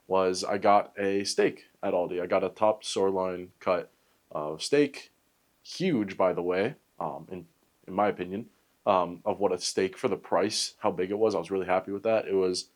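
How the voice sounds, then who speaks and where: A young man with a fairly low voice chats through his day for a fitness vlog. He rambles in an upbeat way, fills pauses with um and uh, and makes small self-deprecating jokes. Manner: rambling, upbeat, self-joking with many fillers. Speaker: fitness vlogger. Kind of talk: casual talk to camera.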